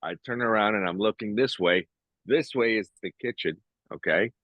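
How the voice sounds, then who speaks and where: A man with a low voice tells a story in an animated way and turns to the listener as he goes. His mic sounds dull and dry, with no room echo. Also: normal speed. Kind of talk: casual chat.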